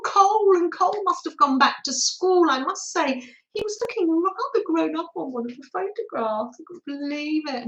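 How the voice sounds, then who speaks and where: A woman hosting a craft livestream from her dining room table, chatting warmly and reading out names from the chat. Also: sits high, roomy sound, dull audio. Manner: chatty, affectionate, reads chat names aloud.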